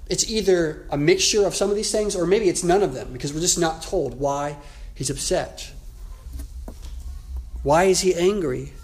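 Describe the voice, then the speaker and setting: Man preaching a sermon, slightly high voice. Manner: explanatory, conversational preaching with self-corrections. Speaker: pastor.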